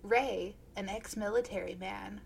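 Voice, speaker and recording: Her voice sits at medium pitch, gravelly and slightly rough, with a measured pace. This young podcast co-host chats casually about books, retelling scenes with plenty of giggles, animation, and "like" fillers.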